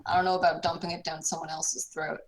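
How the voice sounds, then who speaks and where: A young woman playing a tabletop game, chatty and quick to say "like". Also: low voice, flat delivery, slight background noise, low-quality recording. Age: young adult. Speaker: player. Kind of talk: casual tabletop role-play.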